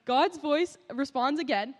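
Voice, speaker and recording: A woman's voice: sits high, unhurried, in a large hall. A woman narrating and directing a Bible skit, coaching the actors cheerfully and often laughing.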